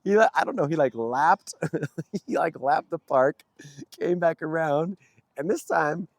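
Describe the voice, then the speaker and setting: A man's voice: a little high, measured pace, no room sound, clean studio sound. A man vlogging outdoors near a street, telling a story casually in a rambling way with frequent chuckles. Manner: rambling, chuckling, with many fillers.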